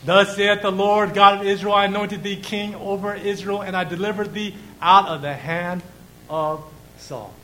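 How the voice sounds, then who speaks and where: A man preaching a sermon, asking rhetorical questions, reading scripture aloud and pausing for effect. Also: high-pitched, steady tone, pushed and bright, poor audio.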